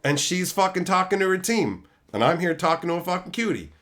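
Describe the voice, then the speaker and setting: High-voiced and brisk, this man hosts a stream and tells profane, ranting stories about past jobs in a casual way. He gets animated, quoting and imitating his former coworkers.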